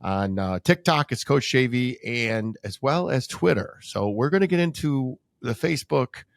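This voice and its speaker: A man's voice: mid-range voice, lively intonation, moderate pace, vocal fry, no room sound. A man hosting a podcast, asking rambling questions and plugging his guest's accounts. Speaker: podcast host. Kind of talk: interview.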